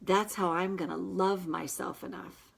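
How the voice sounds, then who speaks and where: A woman practitioner guiding listeners through a tapping session with slow, emphatic affirmations. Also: lowish voice, steady tone, creaky, slightly rough.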